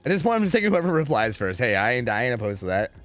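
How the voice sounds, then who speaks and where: Animated, profane young male streamer. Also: medium pitch, very fast, soft background music. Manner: profane, animated and ranting, talks to chat. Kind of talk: casual livestream chat.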